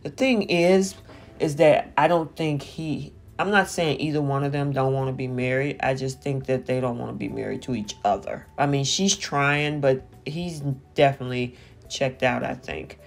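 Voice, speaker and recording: A recap host talks through a reality TV episode in a loose, conversational way. The voice sits at an ordinary middle pitch and keeps paraphrasing the cast, with plenty of "um" and "you know" along the way. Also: normal speed, creaky. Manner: chatty, paraphrasing with frequent fillers. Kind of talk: casual reality-TV recap commentary.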